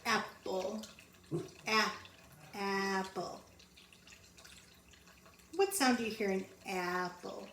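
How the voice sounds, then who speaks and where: A woman teaching a phonics lesson to young children, sounding out letters slowly and repeating each word. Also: mid-range voice, gravelly, fairly bright tone. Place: home. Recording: roomy echo, mic at a distance, faint background noise.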